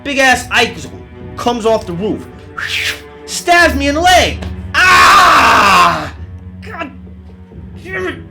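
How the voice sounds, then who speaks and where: Brief: man, lively swearing storyteller, pitch leaps around, music under him. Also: unhurried, pauses often. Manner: profane, animated, yelps and cries out in pain. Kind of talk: comic horror storytelling.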